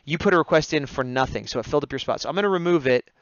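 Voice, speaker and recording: Dude streaming his drawing, chatty commentary, kinda gravelly, dry muffled mic. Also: a little high, rapid-fire, a bit bright, no echo. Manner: chatty running commentary, often laughing at his own jokes. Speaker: livestreaming artist taking drawing requests. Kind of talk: casual livestream chat while drawing.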